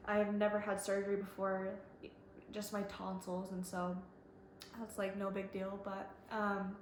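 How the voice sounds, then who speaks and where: A young woman vlogger tells her own story casually, packing it with likes and ums and quoting what other people said. Her mid-range voice is monotone and a little slow. The room is echoey with faint ambience and slight background noise.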